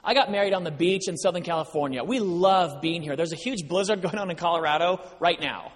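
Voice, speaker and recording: Guest preacher, male, high pitch, animated storyteller, reverberant church hall. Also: brisk. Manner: animated storyteller, acts out dialogue. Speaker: guest speaker. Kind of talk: sermon with personal stories.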